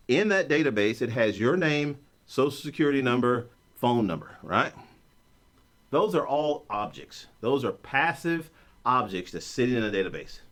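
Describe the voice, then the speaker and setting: A course instructor teaches in a recorded online lecture, explaining concepts through jokes and stories. He's an animated storyteller with a lively pitch.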